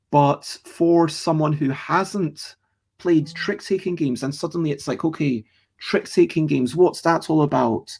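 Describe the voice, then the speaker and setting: Gravelly-voiced man rambling on stream. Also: on the high side, darkish tone. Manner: chatty, rambling, self-correcting, talks to chat viewers. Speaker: streamer and host. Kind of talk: casual live-stream rambling.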